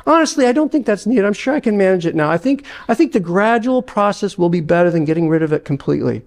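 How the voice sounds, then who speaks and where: A high, fretful male ghost who whines and stammers, quick and nervous, as a preacher puts him on. His voice sits well above the preacher's own and has a gravelly edge. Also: lively intonation, a little mellow. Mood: evasive. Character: whiny fretful male ghost, cowardly and pleading.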